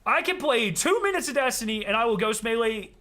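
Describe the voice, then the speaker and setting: Excitable high-voiced young gamer guy. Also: a little fast, a little hiss or hum. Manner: excitable, profane trash talk with sudden yelling bursts. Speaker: gaming video creator. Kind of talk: live gameplay commentary.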